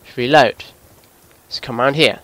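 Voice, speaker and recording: A young man, giving excitable gameplay commentary as a video host, swearing and shouting at opponents. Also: medium pitch, normal speed.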